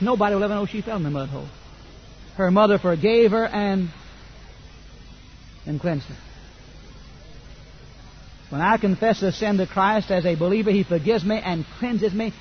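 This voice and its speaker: Older preacher guy, high voice, goes quiet then loud and fired up, a bit muffled recording. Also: moderate pace, long pauses, a little hiss or hum. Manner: swings from quiet asides to loud fervent preaching. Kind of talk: sermon.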